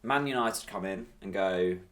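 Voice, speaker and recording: A man's voice: low-pitched, normal speed, a bit bright. A man co-hosting a podcast, reading out listener questions and teasing his co-host with what-if scenarios in casual chat.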